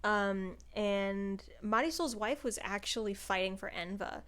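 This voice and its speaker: A woman's voice: mid-range voice, unhurried, fairly bright tone, smooth. A young woman in casual chat, reviewing a book in a rambling way with lots of fillers. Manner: chatty, rambling, full of "like" and "um" fillers.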